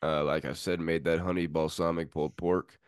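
A male podcast host with a notably low voice, easygoing and friendly as he chats sports. The recording is dry, with no room sound. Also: level tone, normal speed, smooth, no room sound. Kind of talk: casual sports podcast chat.

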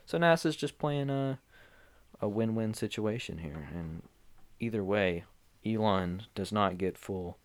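A young man with a lowish voice hosts a casual, rambling solo podcast from a small home room packed with pillows. He sounds groggy, like he just woke up, yet stays animated and keeps a measured pace. His talk is loose and unscripted, drifting from topic to topic with plenty of fillers.

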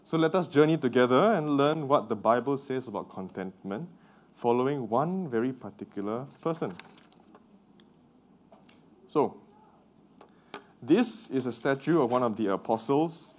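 A man's voice: mid-range voice, lively intonation, moderate pace, slight background noise. A man whose first language is Mandarin, preaching a sermon in a conversational way and often checking in with the congregation with questions.

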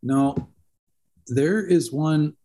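Dude on a podcast, swears a lot, rambles thru stories, warm low-key tone. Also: male voice, drawn-out words. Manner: profane, rambling storyteller. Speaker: podcast co-host. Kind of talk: casual podcast chat.

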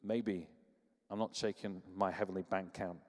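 A man preaching a sermon, telling stories with humor and lively energy. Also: low voice, moderate pace, long reverb tail. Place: church.

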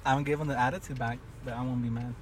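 A man's voice: medium pitch, fairly even intonation, rapid-fire. Chatty young man, laughing storyteller. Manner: chatty storyteller, swears casually, laughs often. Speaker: podcast co-host. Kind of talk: casual chat.

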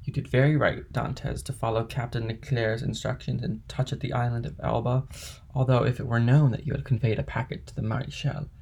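A man voicing a kindly, eager older male ship owner in an audiobook reading, with a gravelly tone. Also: medium pitch, little pitch movement, brisk, darkish tone.

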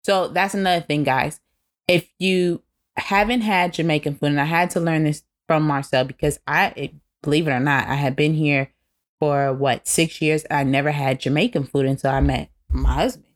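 A woman's voice: low-pitched, fairly even intonation, normal speed. A woman chatting casually, telling a story and addressing viewers directly. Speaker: co-host. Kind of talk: casual chat.

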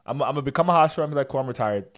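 A young man co-hosting a casual podcast, throwing in quick, slangy hype-man banter. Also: medium pitch, a bit bright. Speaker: podcast co-host.

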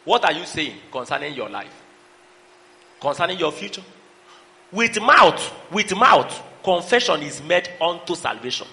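Man, middle-aged pastor, bright ringing voice, long hall reverb. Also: on the high side, sing-song, unhurried. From Nigeria. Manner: preaching with call-and-response, breaking into song and shouts. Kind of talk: sermon.

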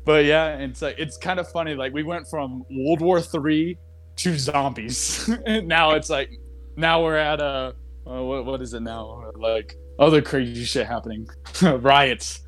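Speaking a little slowly with fairly even intonation, a young adult man hosts a casual podcast from his desk at home. His average-pitched voice is a bit bright, and he rambles openly, often using fillers and cutting himself off.

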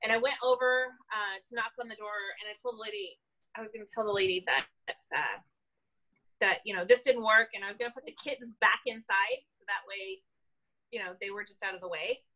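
Chatting casually, a policewoman with a mid-range voice recounts a story a little quickly. She laughs frequently and animatedly imitates what the people involved said.

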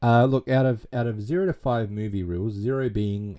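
Low, mellow-voiced man recapping a movie. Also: steady tone, normal speed. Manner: rambling, with many fillers and restarts. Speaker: movie reviewer. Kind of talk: casual movie recap and review.

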